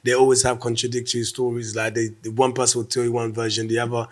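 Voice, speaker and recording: A comedian being interviewed talks things over in a relaxed, reflective way. His voice sits in a middle register for a man, and he often restarts words mid-thought. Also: medium pitch, quick pace. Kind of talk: casual interview.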